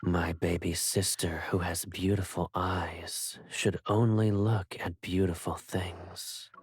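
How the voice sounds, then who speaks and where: An actor playing a devoted, protective young man in a video game, speaking slowly and solemnly with a soft husky voice. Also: low-pitched, flat delivery, no echo, clean studio sound, exaggerated voice. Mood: tender.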